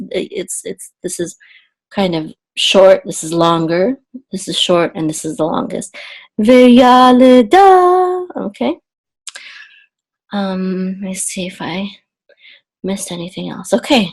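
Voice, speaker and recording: A woman teaching Hebrew cantillation, patiently repeating terms and chanting verses, her voice a little hoarse. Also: lowish voice, a little mellow. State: slightly hoarse, clearing her throat. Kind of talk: slow explanatory lesson with chanted Hebrew.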